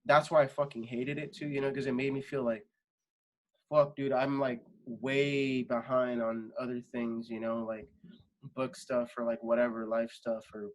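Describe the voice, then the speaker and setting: A man's voice: mid-range voice, level tone, moderate pace. A young adult man, a singer guest on a podcast, talking casually and rambling with lots of fillers and swearing. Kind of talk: casual interview chat.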